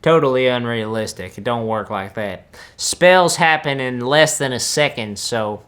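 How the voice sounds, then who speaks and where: Smug and deadpan, a young man reacts to films as a boastful country-boy wizard, meandering through a laid-back drawl stuffed with folksy asides. He speaks unhurriedly at medium pitch, a bit bright and near his everyday voice.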